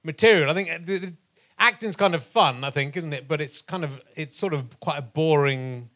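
A man's voice: on the high side, normal speed, fairly bright tone. A man hosting a live podcast interview, asking casual prompting questions. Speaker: podcast host. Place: comedy club stage.

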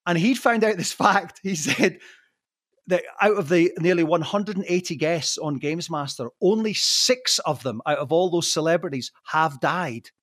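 Guy telling wild stories on a podcast, keeps laughing and cursing, bit high voice, dead dry sound. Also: fairly bright tone, no room sound. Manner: laughing, swearing storyteller doing quick impressions. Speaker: guest. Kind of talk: anecdotal podcast chat.

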